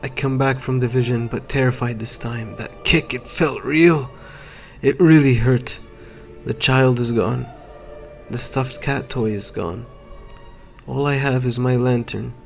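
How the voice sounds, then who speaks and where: A man from Palestine whose first language is Arabic, reading a first-person horror story as a measured, dramatic inner monologue. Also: medium pitch, fairly even intonation, vocal fry, soft background music.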